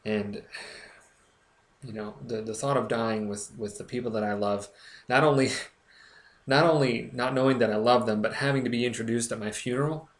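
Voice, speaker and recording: A young man talking earnestly to camera in a personal vlog, stumbling and restarting often as he speaks with emotion. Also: medium pitch. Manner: earnest, halting, with frequent restarts. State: recovering, emotional. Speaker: blogger. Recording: echoey room.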